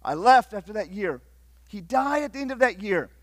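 A middle-aged man from Northeast Ohio preaching a sermon, swinging between loud urgent bursts and hushed, intimate passages. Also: high voice, animated, moderate pace, no echo. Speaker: pastor.

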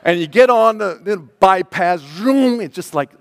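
A male pastor preaching a sermon, acting out a story with voices and swinging between hushed and loud passages. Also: high voice, animated, measured pace, no echo, big-room sound.

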